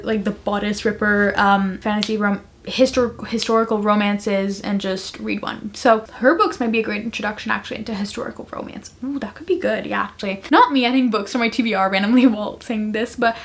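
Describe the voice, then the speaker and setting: A woman in her twenties from Canada, casually chatting through a monthly book wrap-up, gushing and rambling with lots of fillers and restarts. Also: fairly high pitch. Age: 20s. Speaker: book vlogger.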